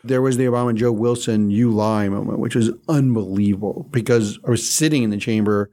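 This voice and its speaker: A man, a veteran political reporter, recounting memories in a halting, anecdotal way with many fillers. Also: mid-range voice, mellow. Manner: anecdotal, halting, lots of "you know". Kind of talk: interview storytelling.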